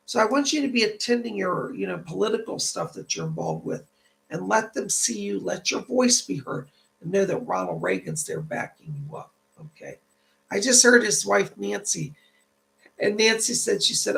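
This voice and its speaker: A man hosting a live-stream psychic reading, chatty and relaying spirit messages, his voice tight and gravelly from the cold. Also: high-pitched, animated, normal speed, a bit bright. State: voice tight and cracking from a cold house.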